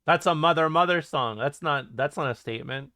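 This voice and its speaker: A man streaming and reading chat aloud, joking, laughing and swearing in quick casual banter. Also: fairly high pitch, pushed and bright, no room sound.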